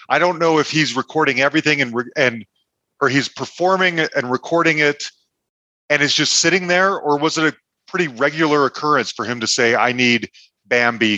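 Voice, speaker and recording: A man's voice: medium pitch, bright, forceful tone, no room sound, rough recording. A man hosting a podcast interview, asking follow-up questions and giving short encouraging replies. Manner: brief encouraging backchannels. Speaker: podcast host.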